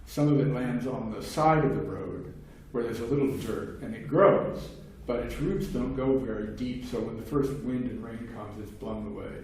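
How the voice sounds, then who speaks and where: A man's voice: medium pitch, normal speed, creaky, few pauses, a little mellow. An older man speaks in a discursive academic manner, with many restarts and fillers. The recording is distant and heavily echoey. Faint background hiss sits under his voice. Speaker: philosophy lecturer. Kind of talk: seminar talk. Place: seminar room.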